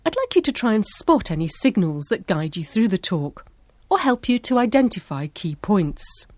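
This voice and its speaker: A woman presenting a scripted educational programme, speaking in a clear, measured way. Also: mid-range voice, very animated, a little mellow, no echo, clean studio sound.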